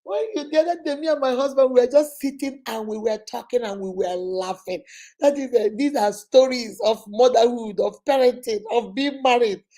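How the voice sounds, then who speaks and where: A middle-aged woman tells stories as a talk host. Her voice sits fairly high. She exclaims often and breaks into laughter. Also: moderate pace, warm tone. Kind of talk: casual storytelling chat.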